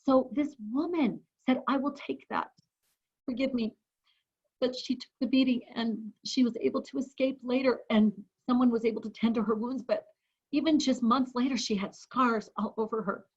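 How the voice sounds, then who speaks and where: A woman's voice: fairly high pitch, steady tone, normal speed, darkish tone, slightly rough. A woman hosting an interview, telling stories in a heartfelt, moved way. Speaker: host. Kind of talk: interview conversation. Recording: dull, muffled audio.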